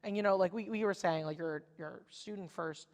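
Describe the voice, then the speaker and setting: A young woman, a former college softball pitcher and podcast guest, talking casually and telling stories with lots of "like" fillers. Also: a little fast. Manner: chatty, lots of "like" fillers, lively storytelling. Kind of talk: casual chat. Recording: long echoey reverb.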